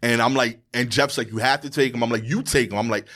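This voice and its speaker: A man from Brooklyn holds forth as a podcast guest. He tells his story in street slang and acts out each character in turn. His voice climbs high and loud, then sinks low and quiet. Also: steady tone, fast talker. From Brooklyn, New York. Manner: slangy, acts out quoted exchanges, voice drops low and quiet near the end. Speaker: stand-up comedian, podcast guest. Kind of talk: animated storytelling in casual chat.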